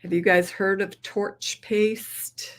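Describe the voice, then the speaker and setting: A woman's voice: medium pitch, level tone, takes it slowly. A woman from New England who slips into a Southern accent, hosting a casual craft livestream and chatting with her viewers in a rambling way. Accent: put-on Southern drawl.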